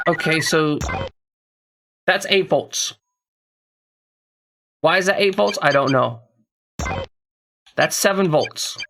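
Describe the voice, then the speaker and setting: A man's voice: on the high side, takes it slowly, gravelly, pauses often, background noise. A man streaming a video game, thinking aloud in a puzzled, casual way with profane asides. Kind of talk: casual gameplay commentary.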